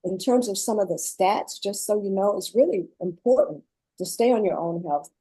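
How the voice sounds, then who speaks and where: A woman guest on a panel, explaining her caregiving experience in earnest, measured phrases. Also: mid-range voice, mellow, breathy edge, no room sound, rough recording. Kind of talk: panel discussion.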